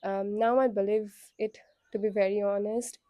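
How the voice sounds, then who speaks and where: A woman's voice: medium pitch, little pitch movement, normal speed, no echo, muffled recording. A woman, talking candidly and reflectively in a casual vlog, with frequent fillers. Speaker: vlogger.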